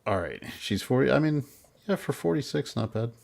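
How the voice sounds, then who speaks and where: A man's voice: medium pitch, sing-song, normal speed, gravelly, darkish tone. A man hosting a live podcast, chatting casually and rambling through stories with laughs. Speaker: podcast host.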